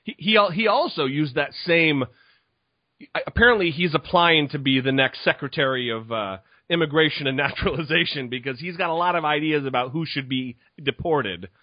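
A man's voice: fairly high pitch, normal speed, no room sound, highs cut off. A man hosting a podcast in a casual chat, sarcastic and profane. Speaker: podcast host.

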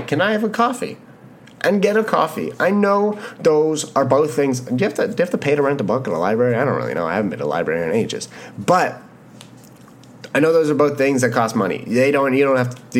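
Young male podcast host, early 20s, Canadian-raised, fired-up motivational talker who repeats himself for emphasis and swears casually. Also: medium pitch. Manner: impassioned, repetitive, swears casually. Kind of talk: motivational monologue.

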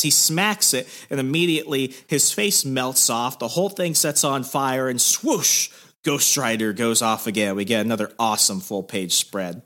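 A podcast host gives a casual comic recap of a plot, storytelling loosely and rambling with lots of "like" and "um" and frequent restarts. His pitch is an ordinary mid-range for a man, at a moderate pace with a fairly bright tone.

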